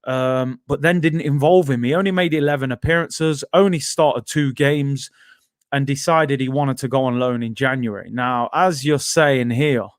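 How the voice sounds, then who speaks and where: A man's voice: medium pitch, normal speed, dry recording, clean studio sound. A man hosting a casual football talk stream, chatting loosely with many fillers and asides while reading viewer comments. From England. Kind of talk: casual live-stream chat.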